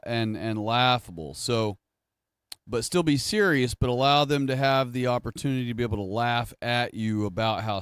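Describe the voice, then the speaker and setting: Male streamer, middle-pitched, resonant, talks in loose self-correcting monologue. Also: a bit bright, clear, resonant tone, no echo, studio quality. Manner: rambling, self-correcting, conversational. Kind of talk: casual livestream monologue.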